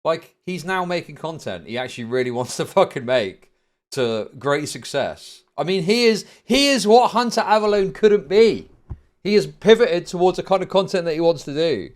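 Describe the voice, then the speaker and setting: A man's voice: a little high, animated, normal speed. Sarcastic man ranting on stream. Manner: profane, sarcastic, mocking. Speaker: streamer host. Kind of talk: casual livestream reaction commentary.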